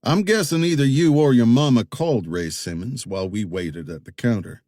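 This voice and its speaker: A man's voice: mid-range voice, normal speed, warm tone, dry recording, close to an everyday voice. A man voicing a wary young male investigator from Tennessee in an audiobook, giving guarded, dry answers.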